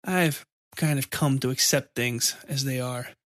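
A man voicing a resigned, fatalistic man who talks slowly and drops Spanish curses. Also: mid-range voice, fairly even intonation, a bit bright, no room sound, studio quality, close to an everyday voice. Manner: slow, resigned, occasionally cursing in Spanish.

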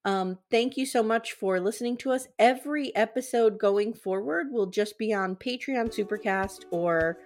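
A woman's voice: a little high, moderate pace, hardly any pauses, darkish tone. A woman co-hosting a casual podcast, reading research notes aloud and stumbling over words now and then. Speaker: podcast co-host.

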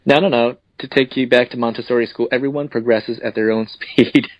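A man's voice: mid-range voice, fairly even intonation, a little fast, no echo, lo-fi sound. A man co-hosting a casual podcast, joking and laughing often. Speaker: podcast co-host.

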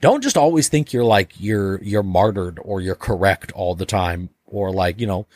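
A man speaking as a podcast guest in a slightly low voice, rambling through loose casual talk full of "like" and offhand swearing. He slips into little acted-out exchanges as he goes. The recording is dry and close, with no room sound. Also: lively intonation, moderate pace, darkish tone, no echo. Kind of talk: casual conversation.

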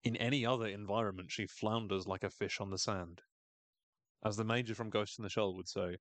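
Guy podcasting, low-ish voice, dry close mic, wry and chatty, laughs a lot. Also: fairly quick, a bit bright, dry recording. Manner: wry, chatty, laughs often, quotes characters in funny voices. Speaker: podcast host recapping a TV episode. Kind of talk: casual chat.

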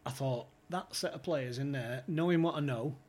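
Husky-voiced man telling club stories. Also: mid-range voice, moderate pace, a little mellow. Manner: chatty, swears freely, acts out quoted phone calls. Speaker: podcast guest. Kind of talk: anecdotal storytelling.

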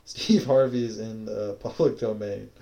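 A young man co-hosting a comedy podcast, loud and jokey, jumping into high excited yelps and laughter. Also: moderate pace, creaky, crowd noise. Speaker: podcast co-host. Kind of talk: casual comedic banter.

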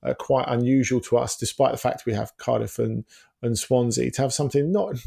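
A man's voice: medium pitch, steady tone, a little fast, creaky, warm tone. A man co-hosting a football podcast who talks in a rambling, hesitant way, full of fillers and restarts. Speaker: football journalist, podcast co-host. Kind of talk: casual podcast chat.

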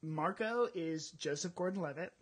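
A man co-hosting a casual podcast chat, talking in an animated way with quick asides. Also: a little high. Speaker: podcast co-host.

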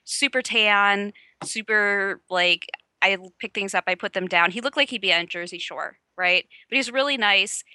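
A woman co-hosting a podcast, chatting casually and telling lively self-mocking anecdotes. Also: medium pitch, moderate pace, few pauses, no room sound. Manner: animated, self-mocking storyteller. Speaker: podcast co-host.

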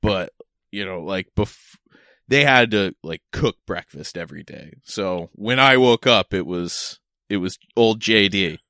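Laid-back low-voiced guy. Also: animated, unhurried, sharp tone, no room sound, studio quality. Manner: rambling, frequent restarts and laughter. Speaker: podcast co-host. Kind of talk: casual chat.

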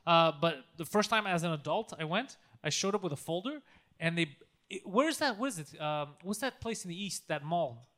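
A man's voice: on the high side, animated, moderate pace, a bit bright. A man co-hosting a podcast in casual banter, joking and teasing, swearing freely. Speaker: podcast co-host.

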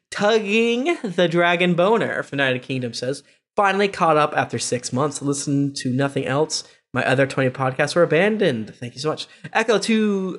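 A man with a fairly high voice reads listener reviews aloud on a podcast. His delivery is casual and relaxed, with small joking asides between the quotes. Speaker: podcast host.

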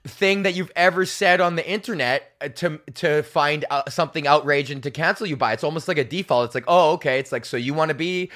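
A man's voice: a little high, fairly quick, hardly any pauses, fairly bright tone. A young man hosting his own comedy podcast, rambling and swearing as he rants, laughing at his own bits and acting out mocking quoted voices. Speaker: podcast host. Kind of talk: solo comedy podcast rant.

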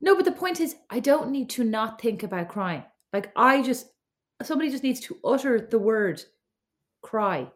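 A woman co-hosting a podcast with her sister, chatting casually, wry and quick to laugh, swearing freely. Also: on the high side, sing-song. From Ireland. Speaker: podcast co-host. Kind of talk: casual chat. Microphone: remote recording call.

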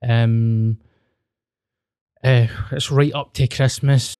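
A man's voice: medium pitch, fairly even intonation, extremely slow, a little mellow, clean tone, faint music behind. A Scottish man hosting a podcast, chatting in a laid-back, sweary way. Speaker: podcast host and comedian. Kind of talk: casual chat.

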